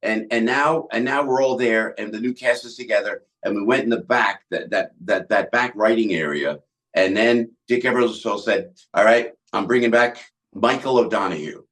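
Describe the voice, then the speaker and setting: An older man with a New Jersey accent, a guest telling animated backstage stories, jumping into character voices as he acts out scenes. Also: moderate pace. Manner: lively, acts out other people's lines with big pitch jumps. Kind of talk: animated storytelling.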